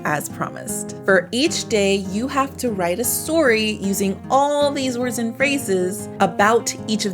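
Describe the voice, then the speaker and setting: A woman teaching English, explaining phrases from a story and acting out the example lines with lively shifts of tone. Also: medium pitch.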